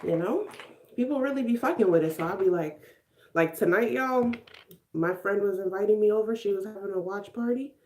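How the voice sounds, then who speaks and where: A woman's voice: medium pitch, fairly quick, darkish tone, a little hiss or hum. A young woman in her twenties from Chicago, chatting casually with viewers and answering comments while doing her makeup. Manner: chatty, laughs often, reads and answers comments. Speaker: vlogger live streaming to viewers.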